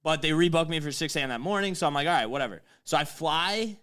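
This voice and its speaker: A man in his twenties telling a story in casual chat, animated, swearing and laughing as he goes. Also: on the high side, fast talker, smooth. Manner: animated, swears often, laughs mid-sentence.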